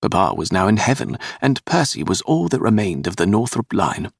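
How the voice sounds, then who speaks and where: A man narrating a historical romance audiobook in a dramatic, expressive reading. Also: fairly low pitch, normal speed, gravelly, slightly rough, no echo, studio quality.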